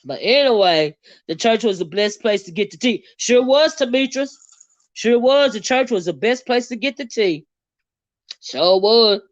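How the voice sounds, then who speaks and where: A woman's voice: fairly high pitch, animated, no room sound, lo-fi sound. Sassy Southern woman chatting with viewers. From American South. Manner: sassy, laughs often, drawn-out exclamations. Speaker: livestream host reading viewer comments. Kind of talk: casual chat.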